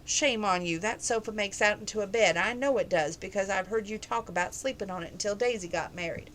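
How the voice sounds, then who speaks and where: A woman's voice: medium pitch, fairly quick, a bit bright, slight background noise, close to an everyday voice. A woman reading the part of a blunt, feisty female bar owner with brash comebacks.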